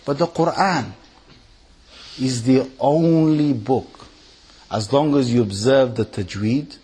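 A man preaching to a large gathering in a lively sermon, quizzing his listeners with rhetorical questions and swinging between loud emphatic bursts and low quiet asides. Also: slow pace, husky. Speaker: Islamic preacher addressing a gathering. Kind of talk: lively sermon with recitation examples.

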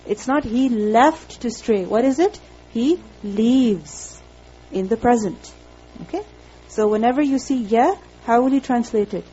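Patient woman teacher, a little high-pitched, checking in often, with a faint hiss behind her. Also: a little slow, mellow, lo-fi sound. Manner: checks in with frequent "okay?"; patient, reassuring. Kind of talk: classroom grammar lesson.

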